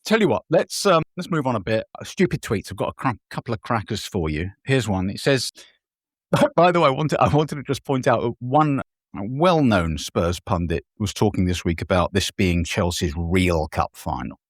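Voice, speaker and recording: A podcast host, a man whose pitch bounces all over as he chats and cracks jokes at his own expense. He is recorded dry and close, with no room sound at all. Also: normal speed, no echo. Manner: animated, jokey, self-mocking. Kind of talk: casual football podcast chat.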